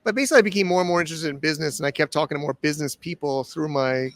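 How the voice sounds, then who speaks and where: A man from the United States in his forties, telling stories from his own life. He rambles and restarts as he goes, and his voice sits slightly on the high side. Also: racing, a bit bright. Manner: rambling, with restarts and acted-out quotes. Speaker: guest. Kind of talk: casual storytelling interview.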